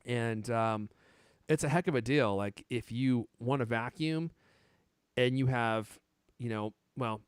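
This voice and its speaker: A man's voice: mid-range voice, no echo, studio quality. A man hosting a podcast in a casual, joking, chatty way. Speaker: podcast host.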